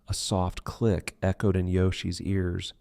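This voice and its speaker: A man reading an audiobook thriller in measured, dark scripted narration. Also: low voice, flat delivery, vocal fry, dry recording.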